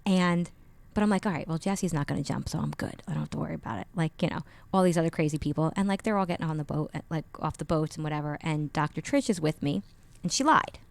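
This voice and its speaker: A woman guest on a podcast, telling a personal story with lively expression and acting out the dialogue. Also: low-pitched, fast, gravelly, no echo. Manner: expressive, acts out quoted dialogue. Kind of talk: animated storytelling in an interview. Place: radio studio. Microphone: studio microphone.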